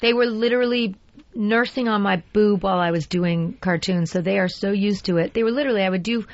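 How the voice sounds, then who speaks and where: Woman in her forties, chatty and upbeat, mid-pitched, dry and muffled radio sound. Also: fairly quick, no echo. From Los Angeles. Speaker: actress and voice actress. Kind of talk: guest on a radio talk show. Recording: dry, dull lo-fi radio recording.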